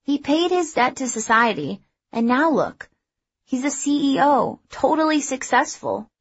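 A woman's voice: high-pitched, lively intonation, unhurried, breathy edge, lo-fi sound, voice pushed up, heavily acted. A woman reading the lines of a teenage girl who talks like an adult, reassuring a friend. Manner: reassuring, grown-up.

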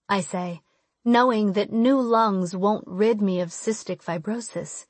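A woman reading a first-person audiobook, measured in her narration and emotional in the dialogue, on a close studio mic. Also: medium pitch, no room sound.

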